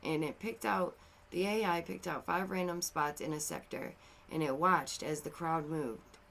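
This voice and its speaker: A woman talks straight to her viewers in a casual commentary. She sounds exasperated and animated. Her voice jumps to loud outbursts, then sinks into quiet, somber asides. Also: low voice, normal speed, gravelly. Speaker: commentary video host.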